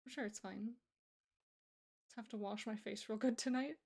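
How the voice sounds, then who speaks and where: A woman's voice: on the high side, fairly even intonation, moderate pace, creaky, dark tone, husky. A woman streamer chatting casually and rambling as she answers her chat, sleepy and yawning. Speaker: artist streamer.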